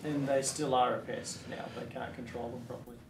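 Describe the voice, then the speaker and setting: A man's voice: medium pitch, flat delivery, a little fast. A man who chimes in with short examples during a casual chat. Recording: roomy room with faint noise.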